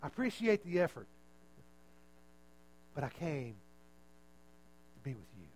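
A man voicing a gentle, patient male teacher in a sermon, speaking softly in a lower register than his own. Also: big pitch swings, a little slow, poor audio.

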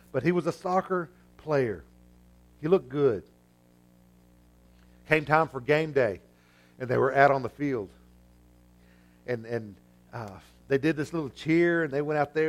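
A man preaching a sermon, telling a story and acting out the voices in it, swinging from hushed to loud. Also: fairly high pitch. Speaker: pastor.

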